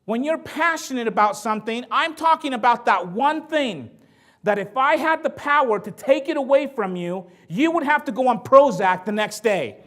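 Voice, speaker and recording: A man giving a motivational talk to an audience, telling stories in a lively, jokey way. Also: very high-pitched, moderate pace. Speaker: motivational speaker.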